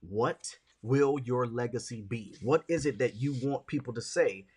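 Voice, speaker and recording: A middle-aged man leads his podcast like a motivational teacher, repeating each point for weight and pausing to check in with his listeners. His voice is husky with a breathy edge, set at an ordinary mid pitch for a man. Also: darkish tone. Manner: repetitive, emphatic, checks in with "okay?" and "right?". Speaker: podcast host and leadership speaker.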